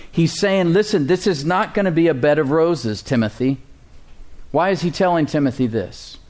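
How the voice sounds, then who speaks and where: An American man delivers an emphatic sermon as a pastor, peppering the congregation with rhetorical questions. His voice sits fairly high.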